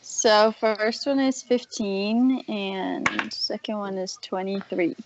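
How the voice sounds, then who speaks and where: Slow-speaking woman player. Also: medium pitch, steady tone. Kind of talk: casual tabletop play. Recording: dull lo-fi with faint hiss.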